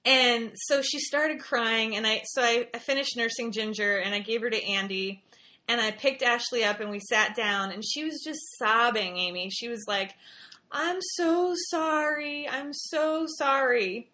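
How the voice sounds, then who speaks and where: A woman speaks as an interview guest in a bright, fairly high voice. She talks casually and emotionally and often repeats words as she tells her story. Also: normal speed.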